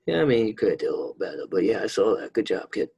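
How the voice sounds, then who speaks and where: Husky New man chatting casually. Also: fairly low pitch, expressive, racing, warm tone. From New York. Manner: laid-back, rambling, swears freely. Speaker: podcast co-host. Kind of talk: casual chat.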